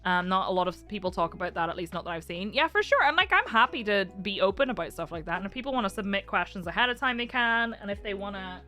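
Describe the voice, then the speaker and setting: A woman streamer chatting casually on a live stream, giggling often and now and then cooing softly to her pets. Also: mid-range voice, fast, few pauses, soft background music. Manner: giggly, animated, laughs often; coos in a soft baby voice to her pets.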